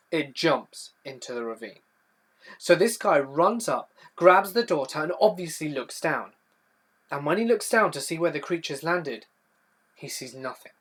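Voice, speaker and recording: A young man with a southern English accent, hosting a casual livestream, telling a spooky story and answering chat in a rambling, self-correcting way. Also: a little high. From south-east England. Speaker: livestream host.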